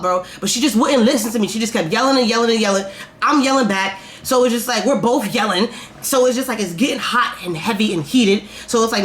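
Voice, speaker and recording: A woman's voice: mid-range voice, a bit bright, a little hiss or hum. A woman vlogger telling a story in a candid, profane, rambling way, full of fillers. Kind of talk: casual storytime.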